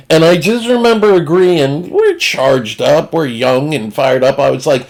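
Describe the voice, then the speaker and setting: Northeastern US man, casual comic storyteller, crude and digressive, with some fry in the voice. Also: mid-range voice, animated, a little slow. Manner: rambling, crude, self-interrupting.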